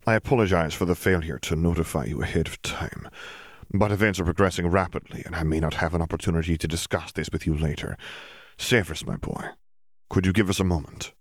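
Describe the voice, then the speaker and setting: A man's voice: low-pitched, steady tone, no room sound, clean studio sound. A man reading as a grave old wizard headmaster. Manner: measured, formal speech.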